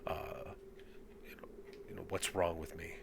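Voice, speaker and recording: A man's voice: sits low, level tone, moderate pace, creaky, slightly rough, full character voice. A man voicing a grieving, bitter middle-aged father who talks in a curt, tired way. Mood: subdued.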